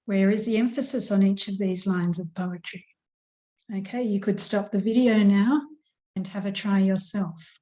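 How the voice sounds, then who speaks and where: A woman teaching an online grammar lesson to schoolchildren, patient and measured, stressing syllables slowly as she recites. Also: medium pitch, fairly even intonation, dark tone, low-quality recording.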